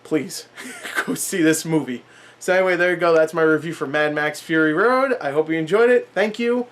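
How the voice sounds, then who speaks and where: A man with a fairly high voice reviews a film straight to camera in a casual way. He talks emphatically, pleading with the viewer again and again, and his voice sounds a little hoarse and worn. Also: moderate pace, a bit bright. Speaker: movie reviewer.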